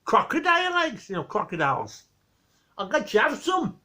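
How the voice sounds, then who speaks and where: Brief: excitable Geordie man, high and bouncy, chatty and repetitive, put on by a man. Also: normal speed, full character voice. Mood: excited. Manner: excitable, repeats himself, laughs mid-sentence.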